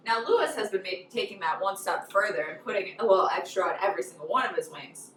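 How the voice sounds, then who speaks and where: A woman co-hosting a casual hot wing interview at home, talking in an animated, ranting way. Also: medium pitch, fast, slight background noise. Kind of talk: casual chat. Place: home room. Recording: echoey room, mic far off.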